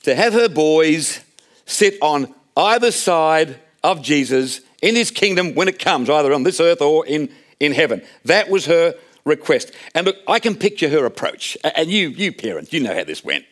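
A man's voice: fairly high pitch, very animated, moderate pace. A man preaching a sermon in a conversational, storytelling way, often restarting his phrases. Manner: conversational, storytelling, self-correcting.

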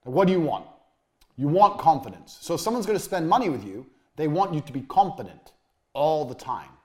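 A man teaching a motivational business course. He talks bluntly, swears, repeats his points for emphasis and lets phrases sink to a low, trailing finish. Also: very animated, brisk. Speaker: course instructor.

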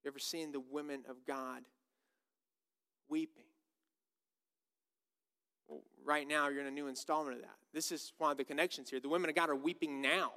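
A man's voice: fairly high pitch, pushed and bright. A man preaching a sermon, emphatic and full of repeated rhetorical questions.

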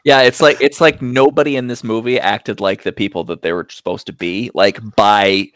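A man co-hosting a podcast, casually recapping a film in a rambling, profane way, jumping into loud acted-out quotes. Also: fairly low pitch, fairly even intonation, moderate pace, clean tone, no room sound, studio quality. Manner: rambling, profane, acts out quotes with big voice jumps. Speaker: podcast co-host reviewing movies. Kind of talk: casual chat.

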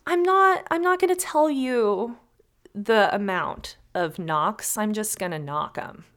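A woman's voice: medium pitch, takes it slowly. A woman hosting a podcast, telling a story in casual chat, acting out the people in it and swearing freely. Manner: animated, acts out characters and knocks, swears freely. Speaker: podcast host.

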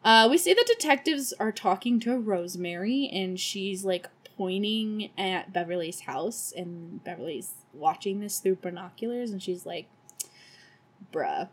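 A woman's voice: mid-range voice, lively intonation, moderate pace, few pauses, slightly rough. A young woman hosting a podcast, recapping a film in a casual, sarcastic, profane way with laughing asides. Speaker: podcast host.

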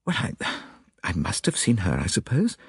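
A man voicing a quiet, inconspicuous young man who stammers and hesitates. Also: low voice, wildly swooping pitch, moderate pace, vocal fry, slightly rough, no echo, clean studio sound, exaggerated voice. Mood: hesitant.

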